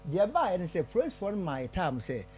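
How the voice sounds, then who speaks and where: A man's voice: high voice, fairly quick, soft background music. A man calling in to a radio show, retelling a family matter at length. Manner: lively, retelling events at length. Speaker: caller. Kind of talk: call-in phone story.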